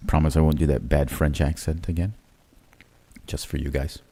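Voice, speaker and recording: Speaking at a moderate pace in a bass voice, the host of a crypto trading livestream marks up charts while reasoning out loud. His commentary is relaxed and self-correcting, heavy with fillers and "right?" tags.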